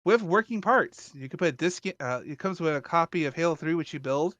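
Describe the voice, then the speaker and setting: A man's voice: on the high side, lively intonation, a little fast, a bit bright, no echo, muffled recording. A man hosting a casual podcast, rambling with lots of fillers. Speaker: podcast host.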